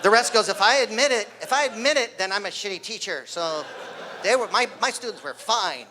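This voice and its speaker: Animated older man telling stand-up stories. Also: high-pitched, fairly quick, a little hiss or hum. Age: 60s. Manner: animated storyteller, acts out kids' voices. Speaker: wrestling coach doing stand-up. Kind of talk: stand-up comedy at a party. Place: party venue with live audience.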